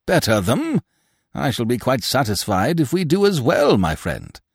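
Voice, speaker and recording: A fat, sour old theatre boss, put on by a male storyteller, pompous and blustering. His voice swings widely in pitch and sits close and dry. He scoffs at everyone around him. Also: wildly swooping pitch, normal speed, creaky, slightly rough, dry recording, exaggerated voice. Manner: blustering, scornful.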